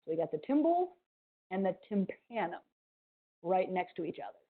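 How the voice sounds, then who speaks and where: A museum educator with a mild Ohio accent gives an animated, playful science lesson to children over a video call, adding little sound effects. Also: female voice, fairly low pitch, normal speed. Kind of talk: live online science lesson for kids. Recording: tinny video call audio.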